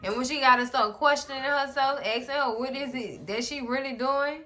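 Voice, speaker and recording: A woman in casual recap commentary, animated and sassy, often talking straight to the characters. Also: high-pitched, normal speed. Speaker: recap vlogger.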